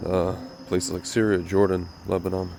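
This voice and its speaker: A man's voice: deep voice, little pitch movement, normal speed, gravelly, a little mellow, faint music behind. A man hosting a casual commentary monologue who talks straight to his viewers in a rambling, opinionated way, his voice slightly nasal from a recent cold. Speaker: religious commentary host.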